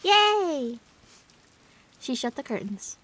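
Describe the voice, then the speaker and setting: Bright, high-pitched young woman streamer. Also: a little slow, rough recording. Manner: breaks off narration into excitable squeaky outbursts. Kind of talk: reading a story game aloud on stream.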